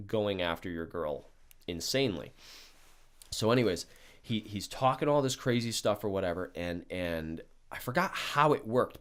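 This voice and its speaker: A young man casually telling a wild story on a podcast, swearing freely and acting out what people said. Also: lowish voice. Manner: animated, swears a lot, acts out quotes.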